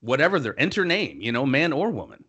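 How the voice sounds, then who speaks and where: A man hosting a casual interview, agreeable and quick to chime in. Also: mid-range voice, sing-song, a bit bright, husky, highs cut off.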